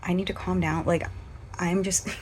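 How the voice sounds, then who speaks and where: Vlogger, woman, 20s, lowish voice, excitable and dramatic chat over faint background hiss. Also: moderate pace. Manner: gushing, dramatic, often whispering. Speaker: reading vlogger. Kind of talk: casual vlog chat.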